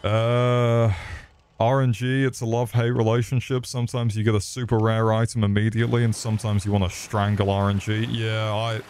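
A young British man giving live gameplay commentary, excitable and sweary as he chats with viewers. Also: on the low side, brisk, smooth. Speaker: streamer.

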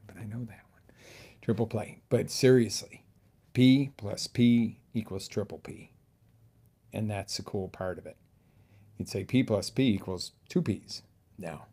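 A man, a fitness coach, giving an animated motivational talk, jumping from loud outbursts to hushed asides. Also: deep voice, creaky.

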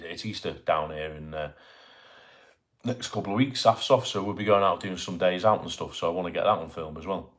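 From home in Bournemouth, a middle-aged man runs an informal live stream, greeting viewers by name while going through their comments. His voice is on the low side, with a fairly bright tone.

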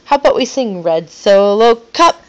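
A woman's voice: mid-range voice, sing-song, moderate pace, lo-fi sound. A woman talking playfully to a toddler in a coaxing, sing-song way, recorded on a phone. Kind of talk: home video chat with a small child.

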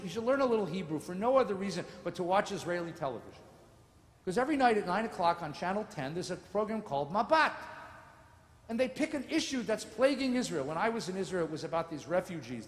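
Man, rabbi, lecture, high voice, sardonic storyteller, big echoey sanctuary, long reverb. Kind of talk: lecture with humor. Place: large synagogue sanctuary.

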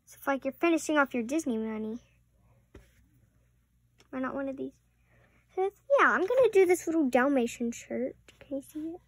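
A woman's voice: sits high, expressive, moderate pace, long pauses, dry recording. A preteen girl, rambling through a casual vlog with many apologetic asides. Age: around 11 or 12. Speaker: vlogger.

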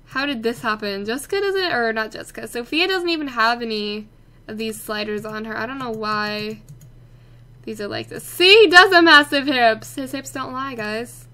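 Brief: high, bright woman narrating her gameplay, playful and chatty. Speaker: let's play gamer. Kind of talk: casual gameplay commentary.

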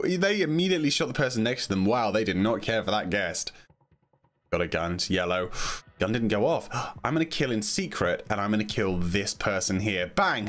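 A man commenting excitedly on a video game as he plays, jumpy and quick to laugh. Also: mid-range voice. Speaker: gaming video host. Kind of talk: gameplay commentary.

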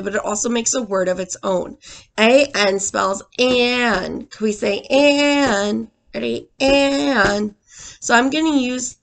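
A young woman teacher reading a picture book aloud to small children, with expressive sound effects and questions to the class. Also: on the high side, vocal fry, a little hiss or hum.

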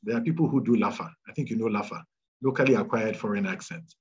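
A man from Ghana with a Ghanaian accent, giving career advice in an animated, emphatic way and repeating his key points. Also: on the low side, fast, breathy edge, muffled recording. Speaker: speaker answering audience questions.

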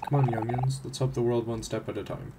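A man voicing a preachy male follower of a recycling cult, solemn and sermon-like, over loud background noise. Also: medium pitch, fairly even intonation, fast, natural voice.

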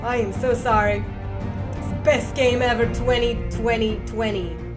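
A young woman commentating a video game she is playing, excitable, swearing freely and shouting at the screen. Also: on the high side, a little slow. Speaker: gaming video host. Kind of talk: let's play commentary. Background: game music and sound.

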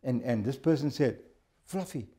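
A man from South Africa teaching a church Bible lesson, telling stories in a conversational, halting way with many repeated words. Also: medium pitch, lively intonation, dark tone. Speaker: Sabbath school teacher.

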